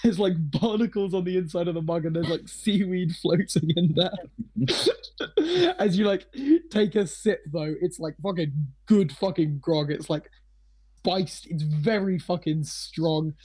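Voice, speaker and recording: A high-pitched man runs a tabletop game with loose, rambling narration. He swears freely, laughs often and fills every gap with fillers. His voice sounds slightly hoarse. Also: animated, unhurried, darkish tone. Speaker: game master.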